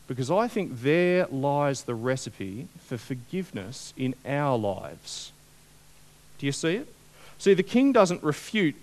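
A man preaching a sermon, conversational and animated, often asking the congregation questions. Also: a little high.

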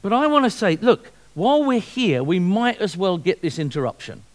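A man preaching with a high, lively voice that swoops up and down as he tells a story. He slips into voices for the people in his tale, then presses his point with urgency. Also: moderate pace. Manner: storytelling, animated, puts on voices for shop owner. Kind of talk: sermon with a told joke.

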